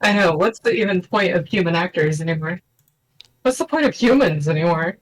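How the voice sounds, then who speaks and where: A woman co-hosting a live stream in casual chat, mostly quick short agreeing interjections. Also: lowish voice, lively intonation, poor audio. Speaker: stream co-host.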